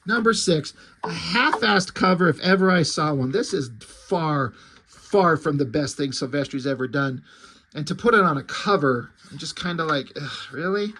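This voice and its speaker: A man's voice: on the high side, expressive, moderate pace, sharp tone. A man reviewing comic books in casual, rambling talk, blunt and opinionated, swearing freely and trailing off into ums and asides.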